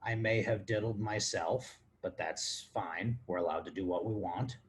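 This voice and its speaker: A man's voice: fairly low pitch, a little slow. A man hosting his own podcast, drunk and rambling crudely through listener questions. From Texas. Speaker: podcast host. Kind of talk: casual comedic monologue answering listener questions.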